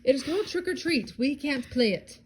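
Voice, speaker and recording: A woman reading aloud, voicing a grumpy, bossy bear who shouts and scolds in a raised voice. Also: medium pitch, fairly quick, background noise, close to an everyday voice. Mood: explaining. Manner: loud and scolding.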